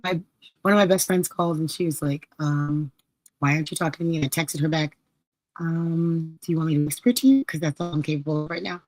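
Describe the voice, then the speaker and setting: A woman hosting a live podcast stream, her voice a little hoarse as she recovers from losing it, chatting casually and playfully with listeners. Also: deep voice, a little fast, darkish tone, no echo, poor audio. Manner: chatty, laughing, storytelling with playful quoted asides. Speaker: podcast host.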